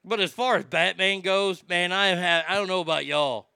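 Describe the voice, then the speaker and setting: A man's voice: high-pitched, moderate pace, creaky, pushed and bright, clean tone, dry recording, studio quality. A man ranting casually and profanely about movies while reading out listener comments. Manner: swearing, exasperated ranting.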